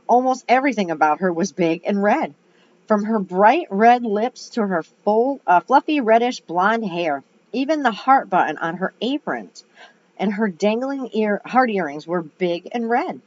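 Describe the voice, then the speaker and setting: A woman's voice: mid-range voice, expressive, a little slow, a little mellow, a little hiss or hum. A woman reading a children's book aloud, with chatty asides between passages. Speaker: reader. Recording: dull lo-fi recording.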